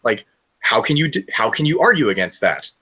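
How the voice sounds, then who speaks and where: Husky, forceful young male streamer; fast profane rant. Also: mid-range voice, sing-song, highs cut off. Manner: fast, profane, ranting storytelling. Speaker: student on a live stream. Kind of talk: casual live-stream chat.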